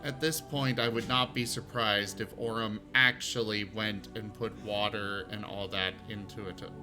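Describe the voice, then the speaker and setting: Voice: medium pitch, steady tone, normal speed, music in the background. A streamer chatting casually while making a character, with dry, teasing remarks. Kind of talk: casual game-stream chat.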